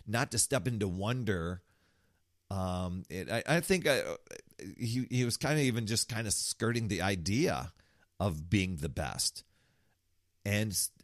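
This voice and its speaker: A man's voice: fairly low pitch, dry recording, studio quality. A man hosting a podcast, telling a story in a casual, motivational way with frequent restarts. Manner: storytelling, animated, restarts often. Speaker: podcast host.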